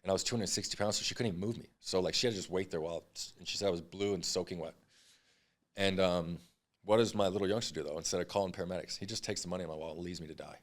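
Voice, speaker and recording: Man in his 30s, deep voice, rapid blunt storytelling, swears a lot, interview guest. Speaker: podcast guest.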